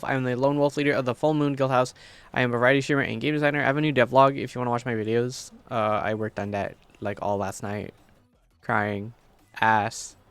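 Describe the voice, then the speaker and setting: A man's voice: mid-range voice, fairly bright tone, clean tone, no echo. A man streaming casually, tired, rambling and swearing while he talks about games and his code. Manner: rambling, swears, laughs a lot.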